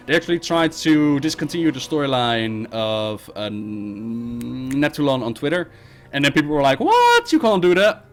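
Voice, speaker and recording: A man hosting a live Q&A stream, reading viewer questions aloud and answering them bluntly and briskly. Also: fairly high pitch. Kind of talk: casual live-stream chat.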